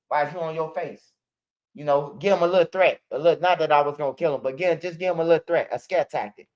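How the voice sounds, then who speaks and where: A man with a high voice hosts a street news channel. He talks in blunt, profane street storytelling. The recording sounds dull and lo-fi. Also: quick pace. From Chicago. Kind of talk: casual commentary.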